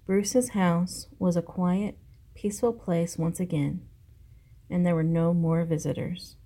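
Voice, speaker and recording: Unhurried woman reading a picture book. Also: on the low side, fairly even intonation, warm tone. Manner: slow and clear. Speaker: librarian. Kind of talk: children's picture book read-aloud.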